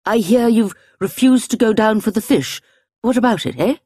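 A woman voicing a blunt, eccentric elderly spinster in an audiobook, with a brisk, imperious manner. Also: a little high, dark tone, husky, dry recording, clean studio sound, pitched above the performer's own voice. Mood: sharp. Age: older. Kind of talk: audiobook character voice.

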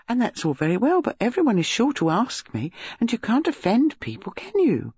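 A woman voicing a flustered, self-pitying young dancer who speaks plaintively, her pitch rising often. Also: a little mellow, slightly rough, no room sound. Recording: slightly dull lo-fi audio.

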